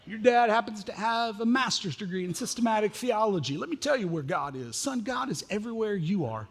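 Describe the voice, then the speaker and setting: A man in his thirties delivers a sermon in a somewhat high, breathy voice. He preaches with animated, self-mocking humor. The sound carries the long echo of a church hall. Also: fairly quick, few pauses. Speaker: pastor. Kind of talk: sermon with humorous family stories. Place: church sanctuary.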